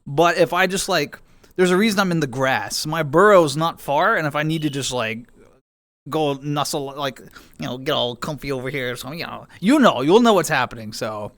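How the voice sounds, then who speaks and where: A tired, lower-energy man chats casually on a live stream, playfully greeting viewers one by one and joking at his own expense in a goofy, self-mocking way. His voice is a little high, expressive and fairly bright, at normal speed, with no room sound.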